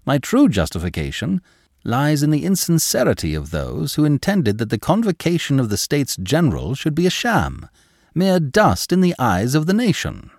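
A man voicing a passionate young gentleman who speaks with formal gallantry and heated conviction. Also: a little high, wildly swooping pitch, moderate pace, dry recording, clean studio sound, voice pushed up, heavily acted. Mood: impassioned.

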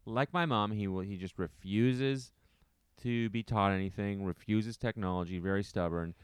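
A man with a very low, smooth, resonant voice, talking casually with a co-host. He pokes fun at himself and hammers home his points through repetition. The recording is dry and close. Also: moderate pace, no room sound. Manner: self-deprecating, repeats himself emphatically. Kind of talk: casual chat.

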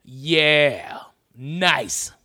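A man's voice: fairly high pitch, lively intonation, very slow, pushed and bright. A man hosting a podcast, talking in a boisterous, profane, rowdy way. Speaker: podcast host. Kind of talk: crude comedic banter.

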